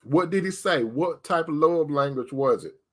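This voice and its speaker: A man's voice: a little high, lively intonation, normal speed. A man giving preacher-style relationship advice, asking rhetorical questions and calling listeners sister. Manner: addresses listeners as sister, repeats key phrases.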